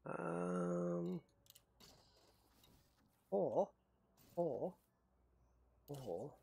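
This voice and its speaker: A man's voice: mid-range voice, big pitch swings, very slow, vocal fry, warm tone, slightly rough. A man chatting casually while streaming a space game, greeting viewers by name and thinking aloud. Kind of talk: casual live-stream chat.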